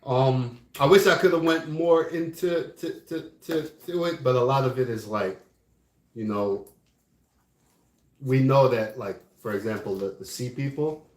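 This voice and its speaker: A man's voice: mid-range voice, measured pace. A man teaching a religious study class, heard in an echoey room. He talks in a mid-range voice and tags "right?" onto nearly every point. His delivery is loose and conversational. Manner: frequently asks "right?".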